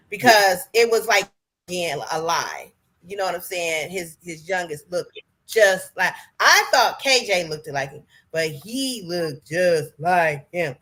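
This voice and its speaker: Woman podcast guest, bright tone, rambling and earnest, lots of fillers. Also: fairly low pitch, animated, slow pace. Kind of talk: casual podcast chat.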